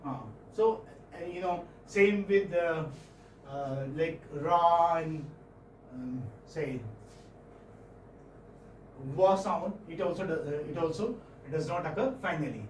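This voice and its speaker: Man, Indian English accent, classroom phonetics lecture, repeats words and asks "okay?", high-pitched, faint background noise. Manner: pauses often, repeats words, checks understanding with "hmm?" and "okay?". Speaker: English professor. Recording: echoey room from far off, faint noise.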